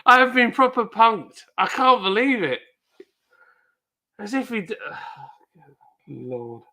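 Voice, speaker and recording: A man with a British accent chatting excitedly on a live stream, exclaiming and laughing often. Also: extremely high pitch, slow pace. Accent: British English. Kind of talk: casual live stream chat.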